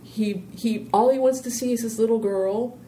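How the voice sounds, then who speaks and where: Mellow-voiced woman telling stories in an interview. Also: fairly high pitch, moderate pace, a little hiss or hum. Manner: rambling, animated storytelling with many "you know"s. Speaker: interview guest, filmmaker. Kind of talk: casual interview conversation.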